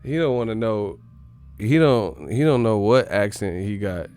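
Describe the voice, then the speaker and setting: A man live streaming in casual chat, animated and slangy, laughing often. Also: fairly low pitch, unhurried, clean tone, no room sound.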